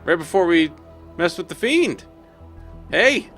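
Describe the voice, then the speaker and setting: A man streams a role-playing game, reading its text aloud and reacting to what happens. His voice is fairly low but bright and crisp, with faint music behind him. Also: lively intonation, moderate pace.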